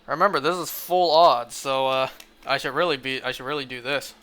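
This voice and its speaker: A man streaming a shiny hunt chats casually with his viewers, rambling and packing his talk with fillers, especially "like." His voice is medium-pitched, a little fast, and fairly bright.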